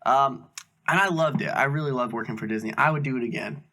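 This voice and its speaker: Bright-voiced man joking around. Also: mid-range voice, fast talker. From Augusta, Georgia, US. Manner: laid-back, jokey, swears, mimics coworkers. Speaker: comedy podcast co-host. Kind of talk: casual storytelling chat.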